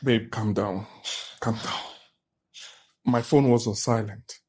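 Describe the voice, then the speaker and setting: An actor with a Nigerian accent playing a weary husband who pleads with his wife to calm down and defends himself. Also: fairly low pitch, slow, husky. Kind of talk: Nigerian film drama acting.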